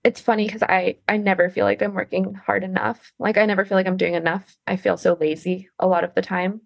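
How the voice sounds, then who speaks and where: A woman's voice: mid-range voice, level tone, fairly quick, creaky, dry recording, highs cut off. Bubbly young woman climber, giggly. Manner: bubbly, laughs often, many fillers. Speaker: professional climber, guest. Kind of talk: casual podcast interview.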